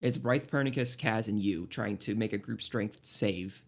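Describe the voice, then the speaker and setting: A man's voice: fairly low pitch, moderate pace, vocal fry. A man running a tabletop game as game master, narrating loosely with many restarts and frequent laughter.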